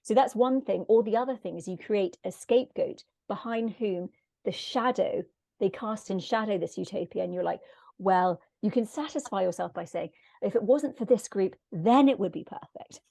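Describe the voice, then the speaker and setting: Gravelly, reflective woman. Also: medium pitch, mellow, dry recording. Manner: reflective, philosophical, measured. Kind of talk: podcast conversation.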